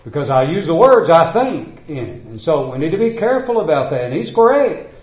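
A man's voice: a little high, sing-song, brisk, reverberant, highs cut off. A man preaching a sermon, reading scripture in old-fashioned wording and hammering home repeated refrains.

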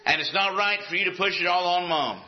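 A man's voice: high voice, fast, a little hiss or hum. A man preaching a sermon with an emphatic, repetitive cadence. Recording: echoey, dull lo-fi room sound.

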